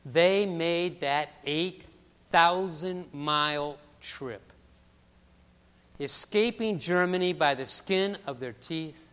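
A man preaching a sermon as pastor, telling a story that swings from hushed passages to loud, emphatic ones. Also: fairly high pitch, smooth, big-room sound.

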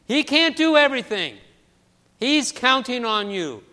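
A man's voice: big pitch swings, unhurried, in a large hall, heavily acted. A man voicing a doting, insistent elderly woman neighbor who speaks with a strong accent and keeps calling a child "darling". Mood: coaxing, emphatic. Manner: emphatic, high and loud.

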